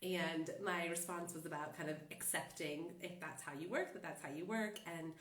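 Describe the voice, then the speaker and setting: A woman's voice: on the low side, moderate pace, a bit bright. A woman coach with a stuffed-up cold, chatting casually and rambling with fillers and laughs. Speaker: life coach. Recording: roomy and distant from the mic.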